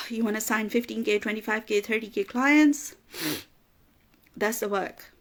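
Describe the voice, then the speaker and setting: Her pitch is fairly high and her tone fairly bright as she talks unhurriedly. She's a business coach giving an emphatic motivational speech, repeating lines for effect, occasionally becoming emotional and laughing through tears.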